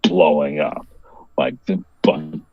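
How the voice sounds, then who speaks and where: A man's voice: very deep voice, steady tone, slow pace, dull audio. A man, a comic book creator being interviewed, telling a story in a rambling casual way with lots of filler words. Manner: rambling, heavy use of "like" fillers, laughs often.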